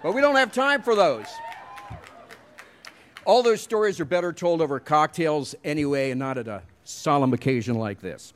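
A man's voice: on the high side, expressive, normal speed, a faint crowd. A middle-aged man giving a commencement speech, telling wry, self-deprecating stories at a podium mic. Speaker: commencement speaker.

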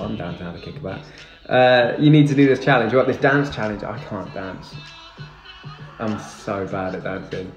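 A man's voice: on the low side, muffled recording. A young man chatting casually on a live stream, thanking viewers and answering their comments. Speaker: livestreamer. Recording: echoey room with music behind.

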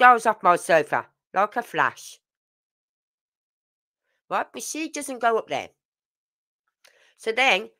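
A woman's voice: mid-range voice, sharp tone. An older woman, hosting a true crime channel and giving casual, emphatic commentary full of rhetorical questions.

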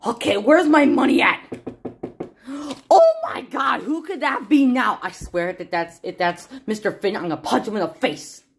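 Hot-tempered male plumber, voiced by a woman, fairly high voice, mutters then erupts into yelling, homemade plush toy comedy. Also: lively intonation, normal speed, vocal fry, a little hiss or hum. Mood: grumbling. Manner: exasperated, yelling outbursts, mutters to himself.

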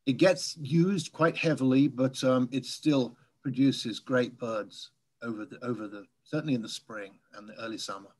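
A man's voice: mid-range voice, moderate pace. Chatty Englishman with a mid-Atlantic accent. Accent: English, softened by years in America. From England. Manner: chatty, anecdotal, laughs while telling stories. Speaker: guest speaker. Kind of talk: casual Q&A chat.

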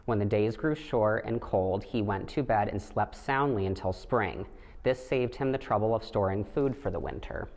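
A man with a fairly low voice reads a children's picture book aloud, gentle and unhurried. His voice carries a long reverb, like a big hall. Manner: gentle, steady storytelling with light voices for the animals. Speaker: storybook reader.

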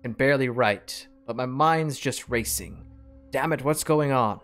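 A man reading a cocky, defiant male convict's journal aloud in a put-on accent, slow and even. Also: medium pitch, faint music behind, close to an everyday voice. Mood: anxious.

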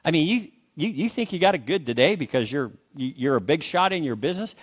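A man's voice: a little high, sing-song, fast talker, husky. An older man preaching a sermon as pastor, emphatic, repeating phrases and calling for amens.

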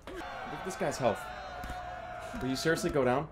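A man commentating his gameplay with loud, exasperated ranting. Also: medium pitch, moderate pace, pauses often, soft background music. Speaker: streamer.

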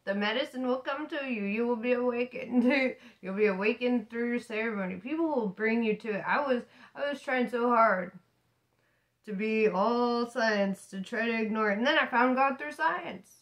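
A woman's voice: on the high side, poor audio. A woman tarot reader talking casually to camera about spirituality, laughing often, swearing and speaking emphatically.

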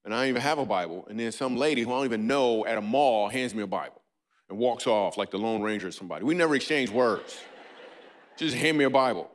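A man doing a stand-up comedy set on a church stage, riffing playfully with a live audience. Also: fast talker. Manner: playful, riffing with the audience, breaks into squeaky and goofy voices.

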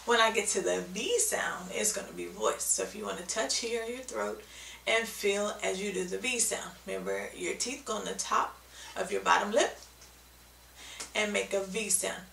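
A woman's voice: mid-range voice, normal speed, creaky, a bit bright, reverberant, recorded from a distance, a little hiss or hum, poor audio. A woman giving a patient, step-by-step video lesson on speech sounds, often checking in with "okay?". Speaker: speech therapy teacher.

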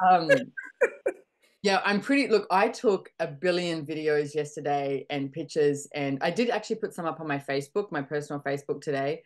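A middle-aged woman with an Australian accent talks candidly in a casual conversation and acts out her own reactions as she goes. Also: low voice. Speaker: podcast host. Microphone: video call.

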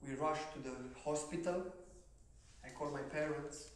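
A man with a Romanian accent telling his life story as a motivational speaker, slow and dramatic, rising to shouts at the peaks. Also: on the high side, steady tone. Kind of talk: personal story speech. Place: large event hall on stage. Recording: echoey hall from far off, faint noise.

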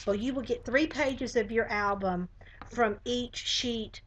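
A woman's voice: a little high, slow pace, a bit bright, a little hiss or hum, rough recording. Chatty Southern woman demonstrating crafts. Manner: chatty, friendly, many fillers. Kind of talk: live craft tutorial.

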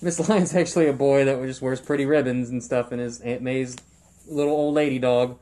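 A man's voice: medium pitch, steady tone, brisk, mellow. A man co-hosting a casual podcast who keeps jumping in to explain and correct. He sounds eager and talks loosely, with everyday fillers. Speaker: podcast co-host.

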